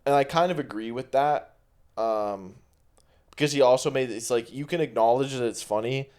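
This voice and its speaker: A man's voice: medium pitch, a little mellow. Bantering young man on a podcast. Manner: quick banter, swearing, tries silly accents. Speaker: podcast co-host. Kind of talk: casual chat.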